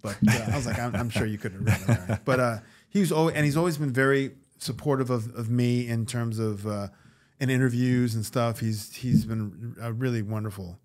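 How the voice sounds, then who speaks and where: A man guest on a podcast, telling stories in a casual, animated way, acting out the voices of the people in them. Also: mid-range voice, fairly quick. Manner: animated, acts out voices in anecdotes. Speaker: guest actor. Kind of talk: casual storytelling interview.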